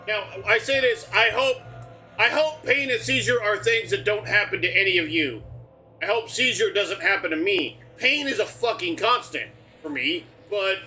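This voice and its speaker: A man's voice: sits high, normal speed, sharp tone, soft background music. A man streaming a game live, rambling and joking as he talks through the on-screen prompts. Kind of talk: casual live game commentary.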